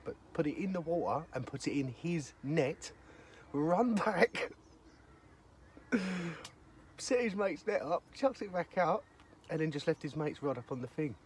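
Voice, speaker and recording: A man's voice: a little high, darkish tone. Guy vlogging by a lake, gossipy, swears a lot, bit of outdoor noise behind. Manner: chatty, gossipy, swears freely. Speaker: fishing vlogger. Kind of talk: casual chat to camera.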